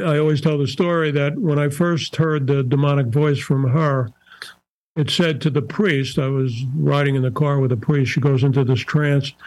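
An older man, a psychiatrist guest on a podcast interview, talking in a measured, searching way and often restarting his phrases. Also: a little high, no room sound, low-quality recording.

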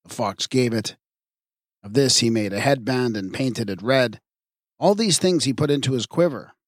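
A man narrating an audiobook of myths in a measured, even reading. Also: medium pitch, no echo, clean studio sound. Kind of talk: scripted narration.

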